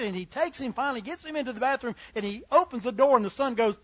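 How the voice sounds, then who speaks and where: Folksy high-voiced male preacher telling stories. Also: fast talker, hardly any pauses, a bit bright, no room sound, rough recording. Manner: folksy storyteller acting out characters. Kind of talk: sermon with humorous stories.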